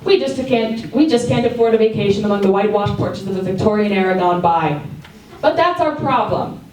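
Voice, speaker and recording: A woman's voice: mid-range voice, animated, a little fast, a little mellow, a little hiss or hum. Woman reading a reflective essay. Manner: reflective, with small restarts. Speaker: open mic reader. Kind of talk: reading a personal essay aloud. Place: coffee house. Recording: echoey room from far off.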